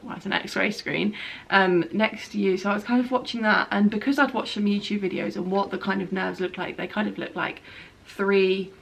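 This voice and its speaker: A young woman talks casually to her camera at home, rambling a little and leaning on filler words. Her voice sits in a middle pitch range and has a gravelly fry running through it. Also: a little hiss or hum. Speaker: vlogger. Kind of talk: casual spoken update. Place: at home, by a bed.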